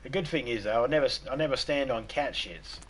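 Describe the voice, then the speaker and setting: An Australian-accented gaming streamer chats casually on a live game stream, trading crude, profane jokes and banter. His voice is mid-range and a little fast.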